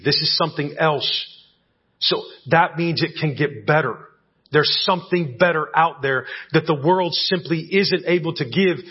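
A man's voice: a little high, slightly rough. A male pastor preaching a conversational sermon in a church, often checking in with the congregation. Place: church sanctuary. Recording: dull lo-fi church audio recording.

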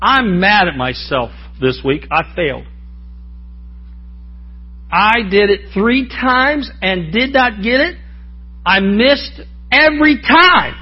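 A man's voice: sits high, big pitch swings, takes it slowly, long pauses, husky, highs cut off. A man preaching a sermon in a folksy, joking way, often calling out to the congregation for an amen. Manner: folksy, joking, asks the crowd for amens.

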